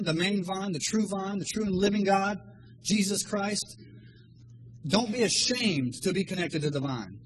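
A man in his thirties preaching a sermon, telling stories with animated energy and acting out voices. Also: high-pitched, breathy edge, rough recording. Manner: animated storytelling, acts out voices. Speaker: lay preacher.

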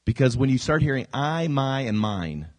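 A pastor preaches a sermon in a medium-pitched voice at a moderate pace, with no echo. He tells stories animatedly, acting out quotes and repeating phrases.

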